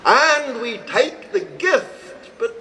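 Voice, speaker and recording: A man, a swami, giving a devotional talk to a live audience, telling stories slowly and acting out the dialogue. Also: low-quality recording. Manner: slow, storytelling, acts out dialogue with expressive rises in pitch. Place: retreat hall, recorded live.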